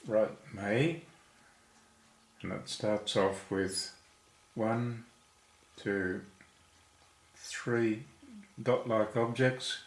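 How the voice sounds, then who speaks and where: A man teaching how to write Chinese characters, counting each stroke aloud in a patient, step-by-step way. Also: lowish voice. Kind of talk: slow stroke-by-stroke instruction. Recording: echoey room.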